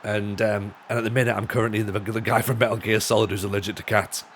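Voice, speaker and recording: A man's voice: fairly low pitch, little pitch movement, fast, slight background noise. A man chatting casually on a live stream while gaming, rambling and joking with lots of restarts. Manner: rambling, jokey, full of restarts and laughs. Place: home room.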